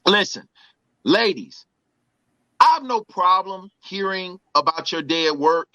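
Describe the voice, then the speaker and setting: A man with a high, bright voice, co-hosting a loose comedic podcast chat. His pitch swings widely as he mimics other people for laughs. The sound is dry and close. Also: lively intonation, a little slow, no echo, muffled recording. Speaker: podcast co-host.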